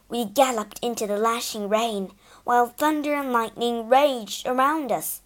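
A woman narrating a children's storybook in an animated, dramatic reading. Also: on the high side, a little slow.

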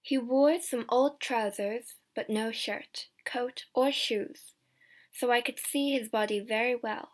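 A woman reads a simplified novel aloud with slow, careful, clear pacing. Her voice sits fairly high. It is scripted audiobook narration. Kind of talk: scripted narration of a graded reader.

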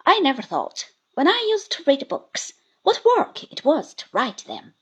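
A woman reading the part of a brisk, fond elderly aunt with crisp, emphatic lines. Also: sits high, huge pitch swings, voice pushed up, full character voice. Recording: dull lo-fi recording.

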